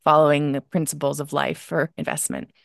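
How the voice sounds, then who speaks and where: A woman speaks up on a group video call with a very low, gravelly voice. She is hesitant and a little apologetic. The sound is dry, with no room echo. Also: little pitch movement, fairly quick. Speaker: participant.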